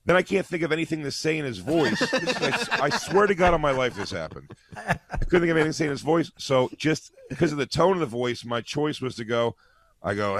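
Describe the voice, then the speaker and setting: A man's voice: on the high side, lively intonation, a little fast, no room sound. A man, a comedian, telling a long self-deprecating story about a failed audition, laughing as he goes. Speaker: comedian guest. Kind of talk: animated storytelling.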